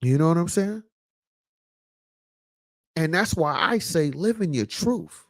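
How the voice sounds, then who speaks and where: A man talks straight to his viewers in a casual commentary, his voice sitting a little high. He loosens things up with fillers and comes back to his key lines again and again like a sermon. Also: animated, slow, pauses often. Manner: preachy, repeats lines for emphasis. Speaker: vlog host.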